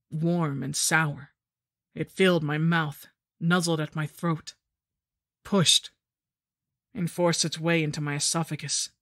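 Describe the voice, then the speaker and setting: A woman reading a first-person horror story in a steady, measured narration. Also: low voice, no echo, studio quality.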